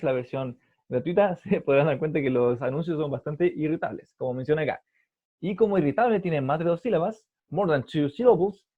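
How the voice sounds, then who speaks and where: A man teaching grammar over slides, his somewhat high voice rising and falling with lively emphasis. The sound is thin and boxy, like a phone line. He explains patiently and slows down to stress each key word. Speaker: English teacher. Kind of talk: recorded slideshow lesson, switching between English and Spanish.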